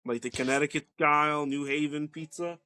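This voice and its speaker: A man's voice: on the high side, steady tone, a little fast, pushed and bright, smooth. A man chatting casually as a podcast guest, rambling loosely with lots of "like" and swearing.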